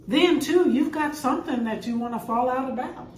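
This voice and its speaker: A woman's voice: high-pitched, normal speed, a little mellow. Grandmotherly woman giving upbeat tips. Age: older. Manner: upbeat, gives parenting tips. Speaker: co-host. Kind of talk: casual chat. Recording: echoey room with faint noise.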